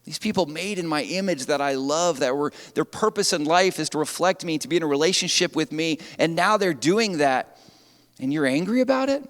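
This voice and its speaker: A man's voice: fairly high pitch, expressive, brisk. A man voicing God as he reasons patiently and earnestly with a sulking prophet. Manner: gently reasoning, earnest questions. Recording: long church reverb.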